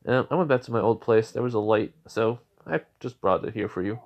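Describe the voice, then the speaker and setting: A man's voice: fairly low pitch, brisk, muffled recording, close to an everyday voice. A man voicing a teasing, self-assured young male swordsman in a casually told fan story. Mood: breezy. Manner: breezy, teasing.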